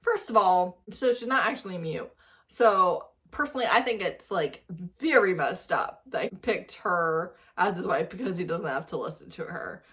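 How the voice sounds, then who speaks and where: A woman's voice: fairly low pitch, expressive, normal speed, fairly bright tone. A woman reviewing books, ranting in disbelief with emphatic repeated lines. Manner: exasperated, incredulous, emphatic repetition. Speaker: book reviewer reacting to videos. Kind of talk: reaction rant.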